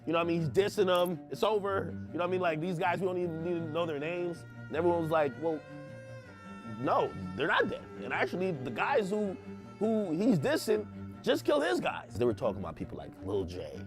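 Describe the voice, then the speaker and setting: Lively man recalling commentary days. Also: a little high, fast talker, over music. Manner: lively, quotes himself. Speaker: hip hop commentator. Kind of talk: conversational interview.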